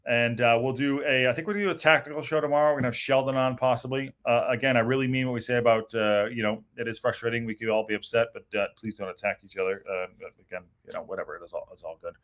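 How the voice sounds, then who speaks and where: A man's voice: medium pitch, fairly even intonation, fast talker, hardly any pauses, fairly bright tone. A middle-aged man hosting a post-match reaction stream, rambling and swearing in frustration as he reads viewer comments. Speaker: podcast host reading chat.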